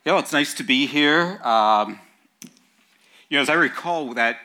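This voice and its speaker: A man who is a professor of theology, opening his talk as a guest speaker in a measured, reflective way. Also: on the high side, animated, noisy background. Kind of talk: lecture-style sermon opening.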